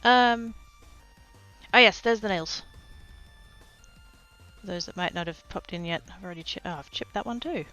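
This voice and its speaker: A woman chatting casually with her viewers on a livestream from home, playful and silly, breaking into sudden high squeals as she reads and answers chat. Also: normal speed, long pauses, sharp tone, soft background music.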